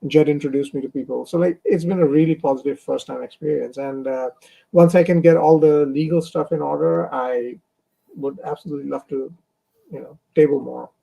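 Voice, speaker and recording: A man's voice: on the high side, fairly even intonation, brisk, gravelly, slightly rough, lo-fi sound. A young man from India, a comic artist, talking casually in an interview with many fillers and restarts over a remote stream call.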